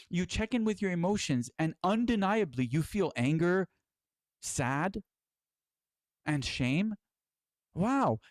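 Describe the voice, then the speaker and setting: A man's voice: high-pitched, darkish tone, dry recording, studio quality. Earnest, exhorting male spiritual teacher. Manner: earnest and exhorting, with casual swearing. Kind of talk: spiritual lecture.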